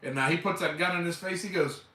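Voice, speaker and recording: Enthusiastic rambling man, bright voice. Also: a little high, fast talker. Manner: rambling, enthusiastic, with loose swearing and fillers like "man". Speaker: live streamer. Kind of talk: casual chat. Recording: echoey room, mic at a distance.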